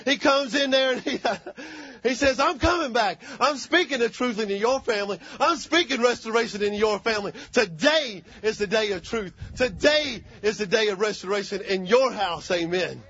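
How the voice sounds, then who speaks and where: A man's voice: sits high, normal speed, pushed and bright, husky, dull audio. A man preaching a fervent sermon and calling for amens.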